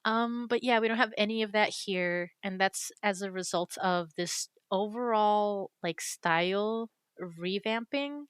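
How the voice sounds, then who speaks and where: A woman's voice: mid-range voice, unhurried, hardly any pauses, clean tone, dry recording. A woman chatting casually and enthusiastically while walking through a game's character creator, with fillers and self-corrections. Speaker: YouTuber reviewing a game character creator. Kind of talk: casual screen-recorded commentary.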